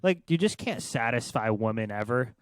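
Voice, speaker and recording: A man's voice: mid-range voice, animated, normal speed, no room sound. A young man co-hosting a casual podcast, offering crude, opinionated banter. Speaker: podcast co-host. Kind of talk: casual chat.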